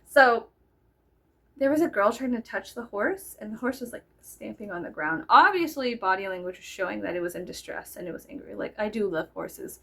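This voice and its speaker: A woman's voice: medium pitch, lively intonation, brisk, gravelly, a bit bright. A young woman from Texas, telling a story in a rambling, giggly casual chat and swearing freely. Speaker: storyteller vlogger.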